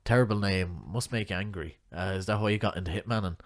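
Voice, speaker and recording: A man voicing a bumbling, inexperienced male hitman who speaks deadpan. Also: low-pitched, quick pace, close to an everyday voice.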